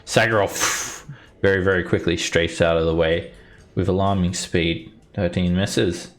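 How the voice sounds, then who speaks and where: A man's voice: low-pitched, steady tone, measured pace. A man running a tabletop game as dungeon master, narrating easily with chuckles and fillers.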